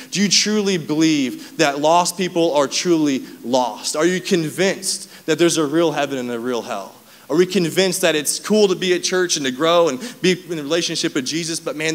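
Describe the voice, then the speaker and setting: A man's voice: a little high, long reverb tail. A man preaching a sermon as pastor, telling stories casually and laughing often. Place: church auditorium.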